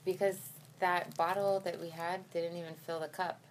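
A woman with a low voice chats casually in a car, relaxed and full of filler "likes". Faint background noise runs under her. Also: normal speed, poor audio. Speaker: guest, host's wife. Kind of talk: casual chat.

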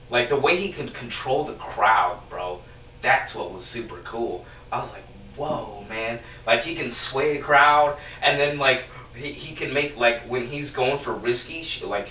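Casual podcast guy, bright forceful voice, swears a lot, rambles, set back from the mic. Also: medium pitch, reverberant, far from the mic, a little hiss or hum. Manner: rambling, profane storytelling with lots of "dude". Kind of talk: casual chat.

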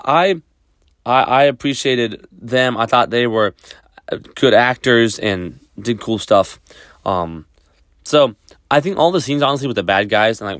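A man's voice: medium pitch, a bit bright, no echo. Casual rambling man, dry sound. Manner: rambling, many fillers and restarts. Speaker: podcast host. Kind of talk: casual solo review talk.

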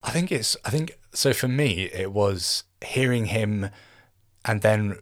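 A man's voice: lowish voice, expressive, slow. A man from the UK, hosting a podcast in casual conversation, rambling with many restarts. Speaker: podcast host.

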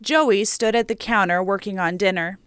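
Smooth-voiced woman narrating an audiobook. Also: mid-range voice, normal speed, fairly bright tone, no room sound.

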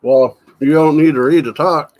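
A man's voice: a little high, fairly even intonation, moderate pace, darkish tone. A man hosting a paranormal podcast, chatting casually and teasing his guest. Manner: teasing, joking. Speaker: podcast host. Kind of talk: casual chat.

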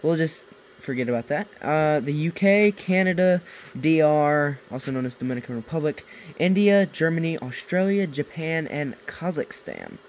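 A young man from the United States, co-hosting a casual late-night podcast in his home basement, speaks at normal speed in a very animated voice on the high side. He's tired, goofy and rambling, cracking himself up at his own jokes, and the audio is poor with slight background noise.

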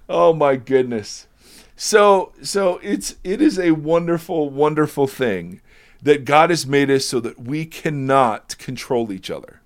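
A man talking about Jesus and scripture in a relaxed conversation, emphatic, sometimes teary and emotional. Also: fairly high pitch, takes it slowly. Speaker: Bible teacher in discussion. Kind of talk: conversational Bible discussion.

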